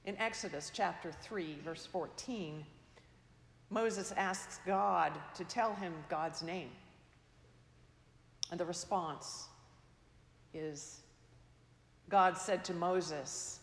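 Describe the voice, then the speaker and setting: Slow, reflective woman preaching in a hall. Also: on the low side. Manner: slow, measured, reflective delivery with soft trailing endings. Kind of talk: sermon. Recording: echoey hall, long reverb.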